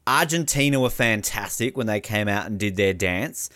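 A man hosting a casual chat, joking and animated, laughing often as he talks. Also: lowish voice, moderate pace, no echo, studio quality. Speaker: podcast host.

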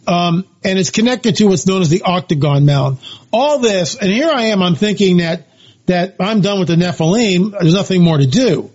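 A man's voice: high voice, animated, moderate pace, darkish tone. A man, an author being interviewed, telling his story emphatically with many repeated phrases and fillers. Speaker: author and researcher guest. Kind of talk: animated storytelling interview talk. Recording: dull lo-fi audio.

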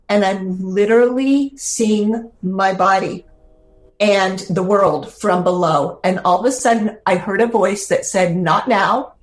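An older woman, a podcast guest, telling her personal story in an earnest, heartfelt way, close to tears at times. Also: mid-range voice.

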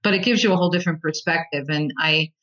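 An American woman, a Catholic talk show host, telling her story as a guest in a conversational interview, animated and restarting her sentences often. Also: low-pitched, fast talker, highs cut off. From United States. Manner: animated storyteller, repeats words when starting sentences.

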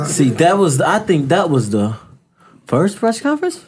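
A man's voice: fairly high pitch, wildly swooping pitch, a little slow, slight background noise. A young man from Cincinnati, a guest on a talk show, telling stories in a laid-back, slangy way and often breaking into laughter. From Cincinnati, USA. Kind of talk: casual storytelling.

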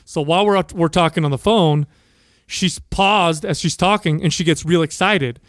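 An animated man spins a story over casual podcast banter, swearing freely as he goes. His voice sits a touch higher than most men's. The sound is dry and close, with no room echo. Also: moderate pace. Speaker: podcast co-host. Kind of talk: casual chat.

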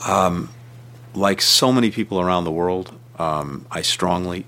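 A man, a senior official, giving measured interview answers with emphatic stresses and frequent restarts. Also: sits low, bright, forceful tone.

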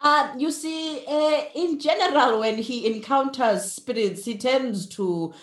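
A woman playing a tabletop role-play game, speaking in a soft, reassuring way. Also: high-pitched, slow. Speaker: player. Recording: roomy echo.

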